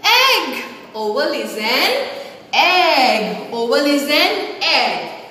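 A woman's voice: sits high, very animated, drawn-out words, pushed and bright, very echoey, in a large hall. A woman with an Indian English accent teaching young children sounds and rhyming words in a sing-song, coaxing way.

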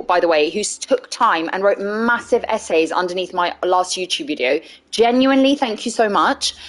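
Playful young woman streamer, swearing. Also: medium pitch. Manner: playful, laughs a lot, swears casually. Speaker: streamer playing a video game. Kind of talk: casual live-stream chat.

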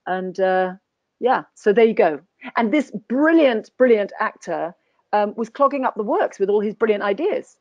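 A woman's voice: medium pitch, expressive, normal speed, no echo. Woman telling stories over a dull call line. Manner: thoughtful, anecdotal, with frequent restarts. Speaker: guest actor. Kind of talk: conversational webinar interview. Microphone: video call.

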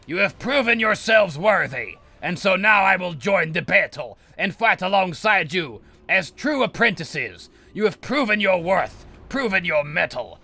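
Man doing a gravelly, bright-toned sorcerer master, grandiose and scornful, formal diction. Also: sits high, big pitch swings, unhurried, hardly any pauses, pitched above the performer's own voice, exaggerated voice. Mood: haughty. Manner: grandiose, haughty, formal speech. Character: pompous male sorcerer mentor, scornful of apprentices. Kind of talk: in-character gaming role-play.

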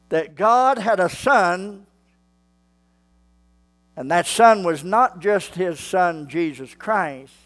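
Preacher man, high voice, takes his time, gets worked up and hollers. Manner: slow, drawn-out preaching that builds to shouts. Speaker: pastor. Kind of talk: sermon.

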